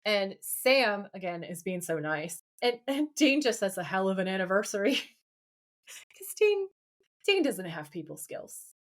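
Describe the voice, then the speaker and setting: A woman co-hosting a podcast, casually recapping an episode in a chatty, animated way with frequent laughter. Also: medium pitch, slow pace. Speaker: podcast co-host.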